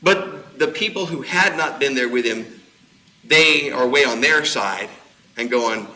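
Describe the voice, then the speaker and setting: A man's voice: fairly high pitch, sing-song, normal speed, sharp tone, slight background noise. A man preaching a sermon, explaining scripture in a conversational way with casual asides. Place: church auditorium. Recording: echoey church room.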